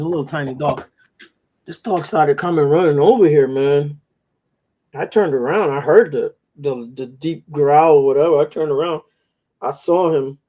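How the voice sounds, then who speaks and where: Casting: man, casual storyteller, somewhat high voice. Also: a little mellow. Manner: rambling storyteller, coarse slang. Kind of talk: casual chat.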